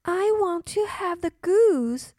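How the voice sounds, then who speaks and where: A woman's voice: very high-pitched, animated, slow, darkish tone, no echo, studio quality, pitched above the performer's own voice, heavily acted. A woman voicing a hopeful, curious young boy thinking aloud in a children's story. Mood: eager.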